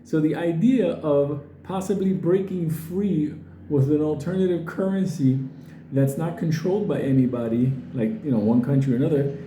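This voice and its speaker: A middle-aged man talks straight to his viewers in a blunt, swearing rant and slips into quick impressions of other people. His voice is very dark and mellow, and it bounces around an echoey room. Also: on the high side, a little hiss or hum. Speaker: crypto video host. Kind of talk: casual profane rant to viewers.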